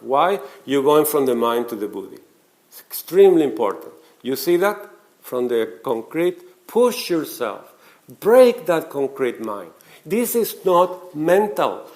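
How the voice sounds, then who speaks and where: A man with a non-native English accent lectures at a conference in a mid-range voice. Emphatic and lively, he keeps asking the audience questions, moving from loud emphasis to soft side remarks.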